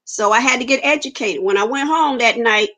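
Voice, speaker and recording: A woman's voice: a little high, fairly quick, pushed and bright. Woman telling her story earnestly. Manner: earnest storytelling, acts out quoted dialogue. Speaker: interview guest. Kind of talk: personal testimony in conversation.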